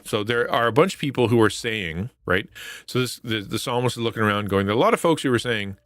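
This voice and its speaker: A man's voice: medium pitch, fast talker, a bit bright, dry recording. Man, casual devotional chat, earnest, dry close sound, faint music underneath. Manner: earnest, conversational, many restarts and rhetorical questions. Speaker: Christian streamer and devotional host.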